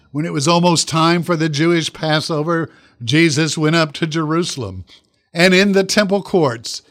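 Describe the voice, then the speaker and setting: A man preaching a sermon as pastor on a radio program, slowing down to stress key phrases. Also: fairly high pitch, fairly bright tone. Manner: slow, deliberate emphasis on key phrases.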